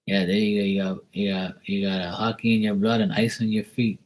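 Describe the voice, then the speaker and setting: A man's voice: on the low side, little pitch movement, fairly quick. A man from Bermuda chatting casually on a live stream, rambling and joking as he tells stories. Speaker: live tarot reader chatting with viewers.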